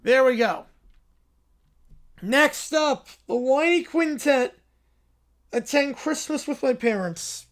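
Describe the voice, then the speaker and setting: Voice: high-pitched, animated, takes it slowly, long pauses. A narrator reading a comedic sketch with dry, wry asides.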